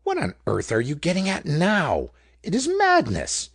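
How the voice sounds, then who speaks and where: A man voicing an excitable male country doctor who answers in a flat, practical way and then breaks into loud disbelief. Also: on the high side, unhurried, gravelly, slightly rough, no room sound, clean studio sound, voice pushed up, exaggerated voice. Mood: incredulous. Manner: incredulous, exclaiming.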